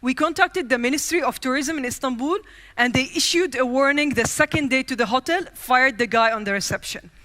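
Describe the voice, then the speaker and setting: Female keynote speaker, bright and forceful tone, dry close sound, animated storyteller who acts out quotes. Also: high-pitched, a little fast, no room sound. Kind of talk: storytelling speech. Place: conference stage.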